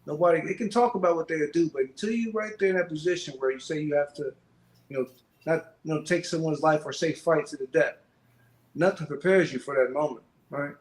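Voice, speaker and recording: A man, a professional boxer, telling fight stories in a casual interview, animated and profane, acting out quotes. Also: a little high, brisk, reverberant.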